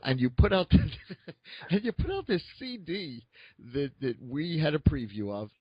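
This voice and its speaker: A man's voice: medium pitch, big pitch swings, measured pace, no room sound, muffled recording. A man from Philadelphia hosting a radio talk show, interviewing a guest with enthusiasm and stumbling restarts. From Philadelphia, USA.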